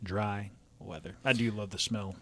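A man from Southern California, a meteorologist co-hosting a podcast, telling stories in a relaxed way with frequent chuckles. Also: on the low side, moderate pace, a little hiss or hum. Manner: laid-back storyteller, chuckles often. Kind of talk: casual podcast chat.

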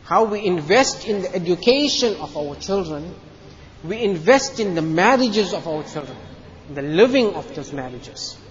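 A man's voice: high-pitched, lively intonation, moderate pace, highs cut off. A man giving a Friday sermon in a mosque, earnest, often repeating his phrases as he makes his points. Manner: earnest, repeats phrases, tells a joke story. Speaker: mufti giving Friday lecture.

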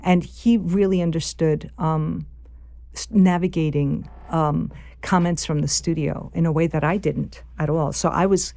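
A middle-aged woman talks shop about filmmaking in a low, gravelly voice with a dark, mellow tone. She stops and restarts often and then turns animated. The sound is dry and close. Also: measured pace, no echo. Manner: hesitant and animated, many fillers and restarts. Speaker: film director. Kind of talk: casual conversation about filmmaking.

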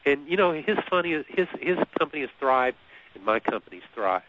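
A man telling a personal story in an easy conversational way. He is animated, often repeats words and laughs at his own story. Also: on the high side, brisk. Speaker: guest. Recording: muffled lo-fi radio recording.

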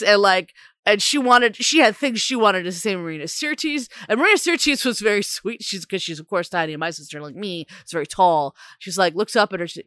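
Giggly woman telling a halting story. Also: mid-range voice, fairly bright tone, dry recording. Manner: giggly, halting storyteller full of ums and likes. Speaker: podcast co-host. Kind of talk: casual chat.

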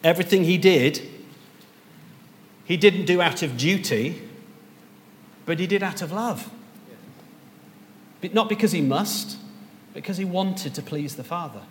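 A man's voice: high voice, animated, measured pace, pauses often, in a large hall, a little hiss or hum. A man preaching a sermon as pastor, earnest and rising to emphatic peaks.

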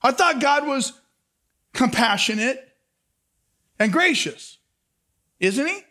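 A man with a very high voice preaches a lively sermon. He drops to soft asides, then rises to loud emphasis, and keeps asking his listeners for answers. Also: slow. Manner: talks back and forth with the congregation. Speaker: pastor.

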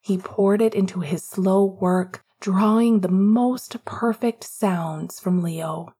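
Slow, hushed woman narrator. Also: mid-range voice, husky. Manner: slow, hushed, often half-whispered. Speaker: audiobook narrator. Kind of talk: scripted romance narration.

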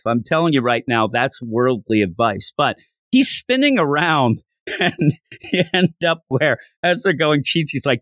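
A man hosting a podcast, recapping a manga chapter in a jokey, animated way. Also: medium pitch, dry recording, clean studio sound. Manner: animated, jokey, laughs while retelling. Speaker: podcast host.

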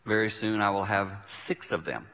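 A man's voice: lowish voice, moderate pace, vocal fry, a bit bright. Older man preaching with a story. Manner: vivid storyteller who acts out quoted voices. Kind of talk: sermon storytelling. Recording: reverberant hall.

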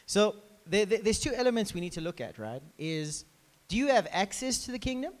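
A man preaching a lively sermon to a congregation in a crowded hall, talking with them conversationally. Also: high-pitched, fairly quick. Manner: animated, conversational, talks to the congregation. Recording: reverberant hall.

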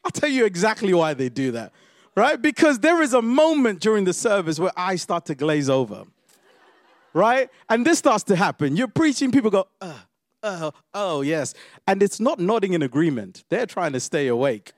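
Gravelly preacher, loud then hushed. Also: male voice, high-pitched, big pitch swings, normal speed, no room sound, studio quality. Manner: dynamic, swings from loud exclamations to quiet intimate asides. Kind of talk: sermon.

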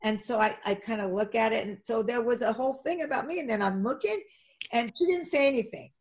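A middle-aged woman telling lively anecdotes in an interview, jumping up in pitch as she acts out what people said. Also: a little fast. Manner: animated, acts out quotes in a high excited voice, frequent restarts. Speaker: actress and flight attendant, interview guest. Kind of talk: conversational storytelling.

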